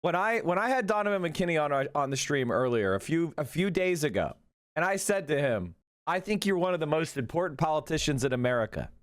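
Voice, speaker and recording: Guy streamer ranting about politics, swears a lot, high voice bouncing all over. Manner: animated, swearing, rapid asides. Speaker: political livestream host. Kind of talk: casual profane political commentary.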